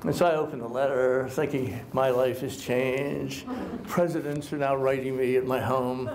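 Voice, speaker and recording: A man's voice: mid-range voice, fairly even intonation, normal speed, darkish tone, a little hiss or hum. A male author giving a talk to a live audience at a college, telling wry, self-mocking anecdotes. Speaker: author and guest speaker. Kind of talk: humorous storytelling talk to an audience. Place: college lecture hall with an audience. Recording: echoey hall sound.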